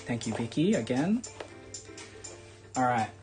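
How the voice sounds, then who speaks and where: An Australian man hosting a live shopping stream, chatting in a casual sales pitch full of fillers. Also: very animated, unhurried, a little mellow, faint music behind.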